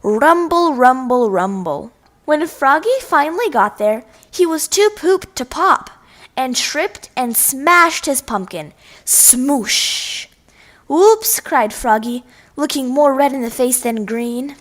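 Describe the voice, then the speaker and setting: A woman reading a children's picture book aloud, expressive and playful with sound effects. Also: high-pitched, measured pace. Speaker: storyteller. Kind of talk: children's story read-aloud.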